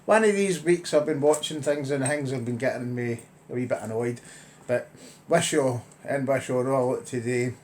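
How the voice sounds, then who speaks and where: A man's voice: medium pitch, moderate pace, a little mellow, slight background noise. A middle-aged man with a Lanarkshire Scottish accent, ranting wryly and chattily to camera in a casual vlog. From Scotland. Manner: chatty, wry, grumbling. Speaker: vlogger.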